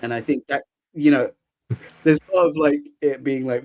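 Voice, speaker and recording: A man's voice: mid-range voice, moderate pace. A young man hosting a podcast, casually recapping a film with lots of laughter and acted-out quotes. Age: young adult. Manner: animated, laughs often, acts out quotes. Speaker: podcast host. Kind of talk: casual movie recap chat.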